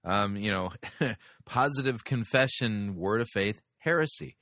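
Deliberate, critical man with a low, forceful voice. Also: no echo, studio quality. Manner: deliberate, critical, stresses key words. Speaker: podcast host critiquing a sermon. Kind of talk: commentary.

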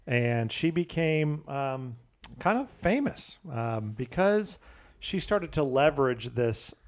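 A man co-hosting a casual podcast, telling a history story slowly with many ums and pauses. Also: medium pitch, big pitch swings. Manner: slow, halting delivery with many fillers. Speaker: podcast co-host.

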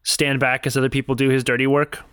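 A man's voice: medium pitch, quick pace, clear, resonant tone, no echo, clean studio sound. A man co-hosting a podcast, joking and telling stories in casual chat about a video game. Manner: joking, animated storytelling. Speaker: podcast co-host.

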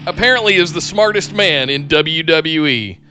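A man co-hosting a podcast, chatting casually with quick reactions and enthusiastic opinions. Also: on the high side, animated, over loud music. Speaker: podcast co-host. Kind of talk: casual chat.

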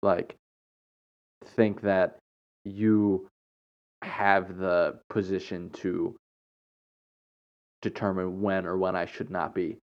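A man's voice: low voice, level tone, slow, long pauses, highs cut off. A young man telling a casual, rambling story, saying "like" constantly, blunt and matter-of-fact.

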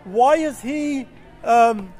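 A man's voice: very high voice, extremely slow, a little mellow, soft background music, exaggerated voice. A man doing a frightened young fugitive. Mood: bewildered. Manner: bewildered, pleading questions.

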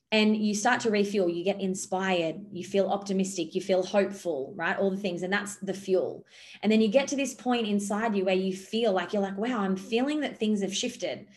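A woman's voice: mid-range voice, moderate pace. A woman coaching on a podcast, talking loosely with many fillers and describing gestures as she goes. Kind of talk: podcast monologue.

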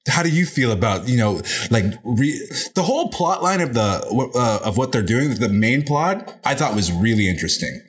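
A man co-hosting a podcast in casual chat, animated and profane, with lots of filler. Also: mid-range voice, normal speed, hardly any pauses, husky. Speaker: podcast co-host.

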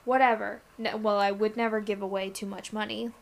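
A woman's voice: medium pitch, level tone, a little fast, gravelly. A young woman co-hosting a podcast, chatting casually and rambling with lots of filler words. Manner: laughs often. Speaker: podcast co-host. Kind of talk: casual chat.

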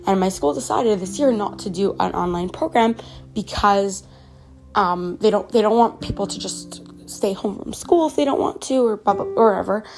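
A woman's voice: mid-range voice, normal speed, creaky, darkish tone, faint music behind. Chatty teenage girl, slightly sick. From Canada. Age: teens. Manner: chatty, earnest, many fillers and restarts. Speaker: podcast host. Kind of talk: casual personal podcast monologue.

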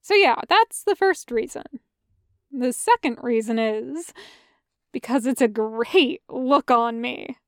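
A woman's voice: fairly high pitch, animated, slow pace, no room sound, studio quality. Woman doing a cocky guy vlogger. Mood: cheeky. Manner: wry, swearing, playful. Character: cocky young man vlogging candy reviews.

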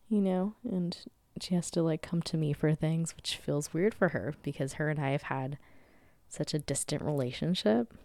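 A young woman in her twenties chats through her own podcast from home. Her voice sits low and gravelly, with a dry, close sound. She talks candidly, swears freely and laughs often. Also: warm tone, dry recording. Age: 20s. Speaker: podcast host. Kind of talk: casual solo podcast chat.

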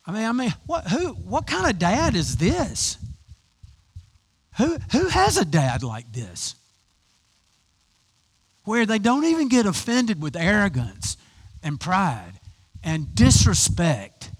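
A man's voice: high voice, huge pitch swings, slow pace, long pauses, slightly rough. A man preaching a conversational sermon, with frequent restarts and rhetorical questions. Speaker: pastor.

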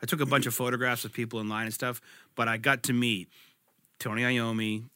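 A man in his forties tells a story on a podcast in a very bright, sharp voice. He rambles animatedly and keeps doubling back. The sound is close and dry, with no room around it. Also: mid-range voice, level tone, a little fast, no echo. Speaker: podcast co-host. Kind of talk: casual chat.

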